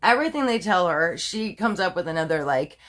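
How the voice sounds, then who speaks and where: A woman's voice: lowish voice, very animated, a little fast, fairly bright tone. Woman doing a casual true crime story, lots of like and you know, kinda dramatic about it. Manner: chatty, full of fillers and asides; laughs at her own dramatic telling.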